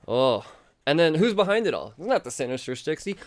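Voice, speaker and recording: A man rambles excitedly through a comic book review, swearing freely as he goes. His voice is smooth and resonant, and the close mic leaves it dry, with no room sound at all. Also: a little high, brisk, dry recording. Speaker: podcast host.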